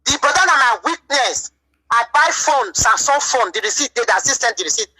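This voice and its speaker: A woman's voice: high-pitched, lively intonation, brisk, pushed and bright, low-quality recording. A woman speaking Nigerian Pidgin English, telling an aggrieved personal story in a vlog monologue, full of repetitions. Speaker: vlogger.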